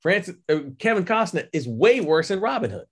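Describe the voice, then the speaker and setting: A man co-hosting a podcast, talking casually about films in a profane, animated way and acting out quotes. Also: high-pitched, fairly quick, breathy edge. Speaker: podcast co-host. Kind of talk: casual film chat.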